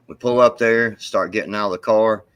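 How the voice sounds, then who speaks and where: A man with a fairly low voice spins a funny story for the stream chat. He is animated and swears freely as he tells it. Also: measured pace, clear, resonant tone. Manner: animated, profane yarn-spinning. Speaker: stream co-host.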